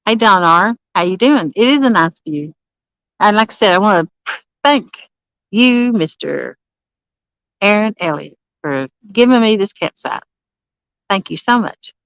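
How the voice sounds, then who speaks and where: A woman's voice: mid-range voice, lively intonation, unhurried, long pauses, fairly bright tone, clear, resonant tone, no room sound, poor audio. A woman chatting casually on a live stream from a campsite, greeting viewers by name and laughing often. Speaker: livestreaming angler. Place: campsite outdoors.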